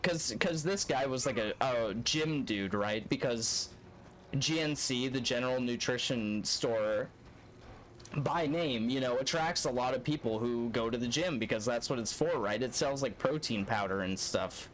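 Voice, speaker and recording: A man's voice: mid-range voice, a little slow, a little hiss or hum. A young man streaming a speedrun, telling a long story in a rambling, profane, laid-back way. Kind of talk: casual storytelling while gaming live.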